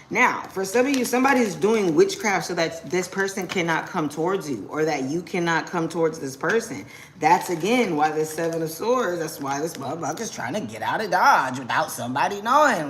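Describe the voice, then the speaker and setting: A young adult woman giving a casual live-stream tarot reading, slangy and quick to exclaim. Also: lowish voice, expressive, fairly bright tone, slight background noise. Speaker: tarot reader.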